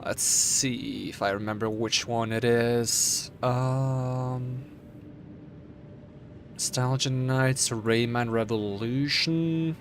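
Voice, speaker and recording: With game music in the background, a young man streams a game and chats casually, rambling between thoughts and laughing often. He speaks very slowly in a medium-pitched voice, with a little hiss or hum on the recording.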